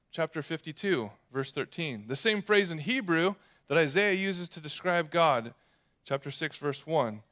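A man's voice: high voice, a bit bright. A young man preaching a sermon in a conversational, joking manner. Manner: conversational, jokey preaching with acted asides. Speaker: pastor.

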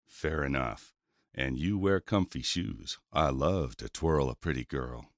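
A flirty, deep-voiced cowboy. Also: male voice, expressive, unhurried, no room sound, clean studio sound, full character voice. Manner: folksy, teasing cowboy talk. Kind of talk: audio drama acting.

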